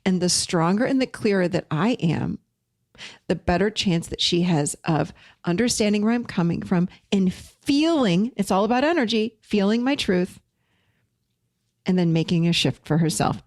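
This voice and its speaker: A woman's voice: mid-range voice, lively intonation, moderate pace, a little mellow, no echo. Emphatic woman host, dry close sound. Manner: emphatic, repeats key phrases for weight. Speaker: podcast host and teacher. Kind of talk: casual talk to listeners.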